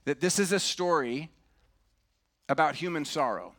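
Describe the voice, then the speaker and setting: A middle-aged man preaching a sermon in an earnest way, dropping to a hush on key words. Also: fairly high pitch, lively intonation, moderate pace. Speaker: pastor.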